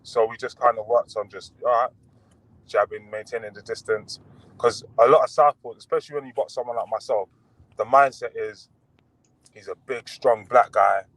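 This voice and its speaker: Relaxed young man on a video call. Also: medium pitch, normal speed, dry recording, poor audio. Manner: relaxed, rambling, many fillers and restarts. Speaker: guest boxer. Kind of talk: casual interview over video call.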